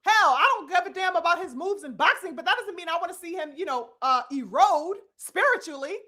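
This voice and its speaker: Speaking fairly quickly with lively intonation, a woman hosts a heated live commentary in a high, bright, ringing voice. She is preachy and profane, leaning hard on long words and calling her listeners "brothers and sisters."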